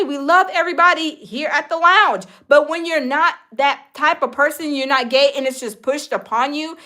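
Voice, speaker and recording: Woman gossip host, high voice, chatty, talks to her viewers like friends. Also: bright, forceful tone. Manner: chatty, addresses viewers directly with many fillers. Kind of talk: celebrity gossip commentary.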